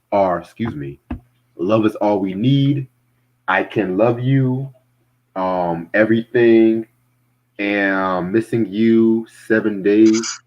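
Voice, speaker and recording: A young man hosting a casual podcast, talking bluntly with lots of swearing and frequent laughter. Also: low voice. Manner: blunt, animated, laughs often, swears freely. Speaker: podcast host and music reviewer. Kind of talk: casual profane podcast chat. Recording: dull lo-fi recording.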